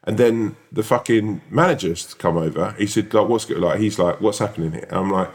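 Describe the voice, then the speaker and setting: Deep-voiced man telling a story. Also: moderate pace. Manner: animated storyteller, swears, acts out quoted voices. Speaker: podcast co-host. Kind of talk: casual storytelling chat.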